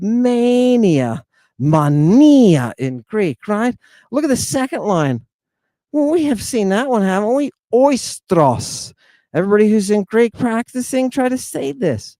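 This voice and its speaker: Lively, slow-paced livestream lecturer. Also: mid-range voice, no echo. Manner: emphatic, with frequent rhetorical "right?" checks; provocative and blunt, with exclamations. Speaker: lecturer and host. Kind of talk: livestreamed lecture on ancient Greek.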